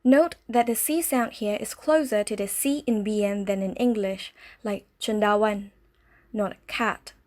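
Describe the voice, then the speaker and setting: A woman narrating a scripted language lesson, explaining step by step in a slow, clear way. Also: a little high, mellow. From Malaysia. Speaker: language teacher.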